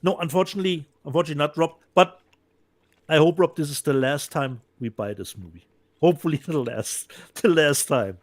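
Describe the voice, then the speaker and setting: Halting man co-hosting. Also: on the high side. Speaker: co-host. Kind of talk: casual chat about disc releases.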